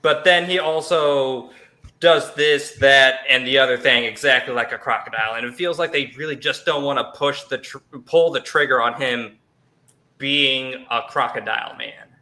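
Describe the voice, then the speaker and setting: A man's voice: mid-range voice, normal speed, bright, forceful tone. A man from Southeast Missouri co-hosting a podcast, explaining at length in a laid-back, chatty way. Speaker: podcast co-host. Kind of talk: casual chat.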